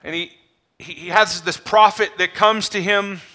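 A man, a pastor, preaching a sermon in a conversational way that builds to loud, excited delivery. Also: high-pitched, unhurried.

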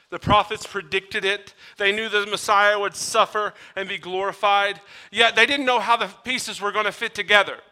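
Slow, sharp-voiced male preacher. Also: sits high. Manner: emphatic, with drawn-out repetition. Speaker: pastor. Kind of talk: sermon.

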